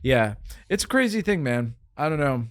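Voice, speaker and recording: A man's voice: mid-range voice, very animated, moderate pace, smooth. A man hosting a podcast in casual chat, rambling and joking with many restarts. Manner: rambling, self-interrupting, joking. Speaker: podcast host.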